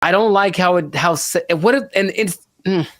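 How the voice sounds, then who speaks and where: A man's voice: high-pitched, moderate pace, a bit bright, no room sound. A man co-hosting a casual reaction chat, rambling and exclaiming with unease. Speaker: co-host.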